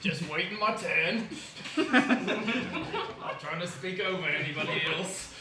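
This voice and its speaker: Man playing a young mountain dwarf, Australian accent, joking, slow, roomy. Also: high-pitched, expressive, over a noisy crowd. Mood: friendly. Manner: joking, chuckling. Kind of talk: tabletop role-play in character. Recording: roomy, with background noise.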